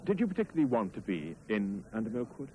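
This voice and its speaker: Male reporter, low-ish, quick and animated, hesitant lead-ins. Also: crowd noise, poor audio. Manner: hesitant, fills with "uh" before questions. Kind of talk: interview questions.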